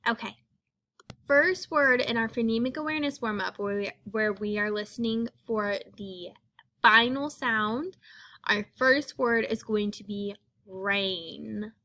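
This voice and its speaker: Woman, phonics teacher, patient, sounds out letters, unhurried, crisp bright tone. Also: on the high side. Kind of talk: phonics lesson for young children.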